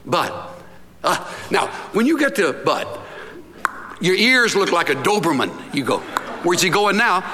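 A man's voice: fairly high pitch, a little slow. A middle-aged man preaching a conversational sermon, telling stories and acting out scenes as he goes. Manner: animated storytelling, acts out scenes. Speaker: pastor. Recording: long reverb of a large hall.

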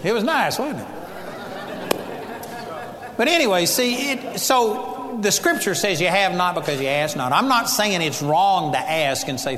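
A man's voice: high voice, animated, normal speed, a bit bright, in a large hall. A man preaching a sermon in a church, talking emphatically, quoting scripture and acting out voices.

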